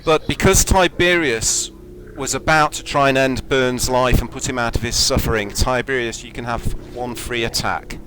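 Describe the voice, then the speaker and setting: Running a tabletop game from home, a mid-pitched man tells the story steadily and measuredly as game master, slipping easily into rules talk. Faint music plays behind him, and the audio is poor.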